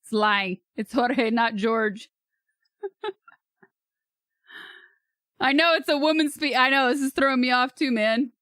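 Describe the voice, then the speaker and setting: A woman's voice: high voice, slow pace, pauses often, fairly bright tone, no echo, studio quality. A woman from California streaming live, thinking aloud in a hesitant way and laughing at herself. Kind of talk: casual livestream chat.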